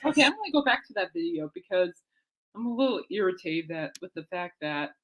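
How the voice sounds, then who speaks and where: A woman hosting her own podcast, chatting in a rambling, excitable way that often trails off and restarts. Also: on the low side, fairly quick. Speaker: podcast host. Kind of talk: rambling casual chat.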